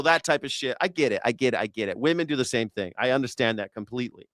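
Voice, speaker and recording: A man hosting a live news reaction show, talking in an animated, profane, rambling way with many restarts. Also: mid-range voice, quick pace, hardly any pauses, no echo. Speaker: host.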